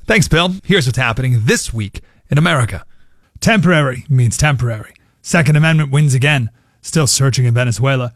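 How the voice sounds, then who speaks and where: A man's voice: medium pitch, lively intonation, brisk, no room sound. Man reading radio news headlines, punchy and opinionated, dry studio sound.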